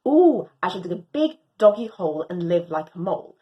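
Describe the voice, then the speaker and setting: A woman reading a storybook as an excitable, proud young female Doberman, speaking theatrically in grand old-fashioned phrases. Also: on the low side, fairly quick, lo-fi sound. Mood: cheerful.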